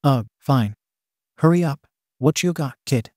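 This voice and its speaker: A man's voice: medium pitch, expressive, unhurried, a little mellow, no echo, clean studio sound, lightly acted. A man voicing a scornful, impatient young male villain in a story reading, sarcastic and dismissive.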